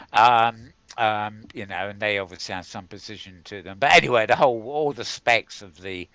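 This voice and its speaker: A man's voice: lowish voice, sharp tone, dry recording. A man hosting a casual tech news show, rambling and chuckling as he goes. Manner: rambling, chuckling, self-mocking.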